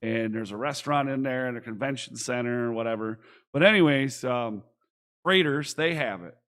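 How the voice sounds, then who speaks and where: A young man from Michigan co-hosting a casual podcast, rambling excitedly and swearing freely. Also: mid-range voice, normal speed. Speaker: podcast co-host. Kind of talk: casual chat.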